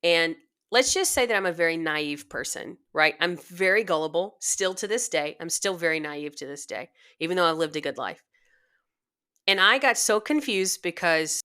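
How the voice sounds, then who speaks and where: Bright-voiced chatty woman guest. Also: on the low side, clean tone. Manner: self-deprecating, chatty, laughs at her own stories. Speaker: guest band director. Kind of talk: casual storytelling.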